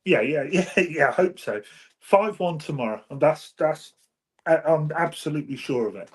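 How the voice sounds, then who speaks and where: Male panelist, husky higher voice, laughs a lot. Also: moderate pace. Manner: giggly, mock-excited. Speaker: podcast panelist. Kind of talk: casual banter.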